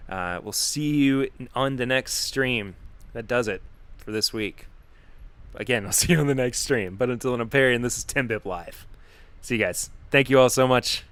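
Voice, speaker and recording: A man talks casually through a live-streamed podcast, keeping the tone upbeat and loose. He thanks viewers along the way, and his voice sits at a middle male pitch. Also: fairly bright tone. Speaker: podcast host.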